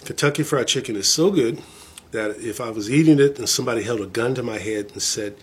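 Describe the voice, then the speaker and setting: Low-voiced rambling male vlogger. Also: a little fast, husky. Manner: rambling, enthusiastic, self-deprecating. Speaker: vlogger showing his record collection. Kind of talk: casual chat to camera.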